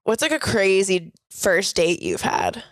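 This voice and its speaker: A young woman co-host chatting on a podcast, quick and casual, with easy laughter. Her voice sits at a middle pitch. The recording is dry and close, with no room sound. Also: wildly swooping pitch, no echo. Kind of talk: casual chat.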